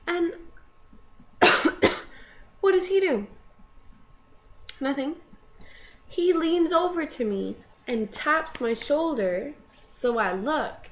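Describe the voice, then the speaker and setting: A young woman casually telling a personal story to camera, rambling with many fillers. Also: on the high side. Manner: rambling, filler-heavy, with tearful laughing bursts in quotes.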